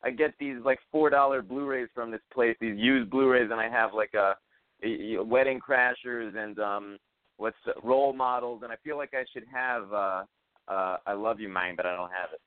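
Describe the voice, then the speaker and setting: A man's voice: medium pitch, steady tone, normal speed, clear, resonant tone, no room sound. A man hosting a casual radio show, rambling and joking crudely. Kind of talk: casual banter. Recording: dry tinny phone-like sound.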